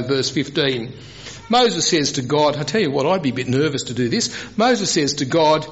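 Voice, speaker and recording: A man preaching a sermon, animated, climbing high in pitch as he retells a scripture scene. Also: normal speed, muffled recording. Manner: animated, rises high when voicing Moses.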